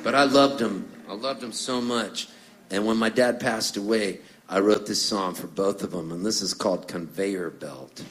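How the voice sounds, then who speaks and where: A man's voice: fairly low pitch, moderate pace, faint music behind. A middle-aged man from Canada telling jokey stories on stage between songs, acting out voices as he goes. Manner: animated, jokey, acts out voices.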